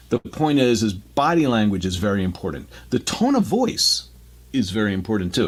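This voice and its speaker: A man's voice: on the low side, breathy edge. A man co-hosting a talk radio show, explaining ideas in a loose, chatty way with frequent restarts.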